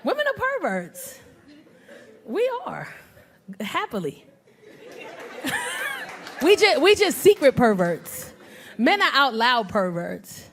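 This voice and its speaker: Brash woman comedian, lively high voice. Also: takes it slowly, pauses often. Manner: brash, crowd work, acts out voices. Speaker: stand-up comedian. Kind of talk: stand-up comedy. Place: comedy club stage with audience. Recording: live club with crowd laughter.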